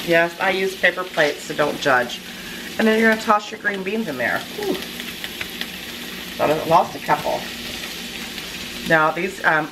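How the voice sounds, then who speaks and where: In her home kitchen, a woman with a deep voice walks viewers of her cooking channel through a recipe in a casual, chatty way, full of ums and false starts. Something sizzles in a pan amid the background noise.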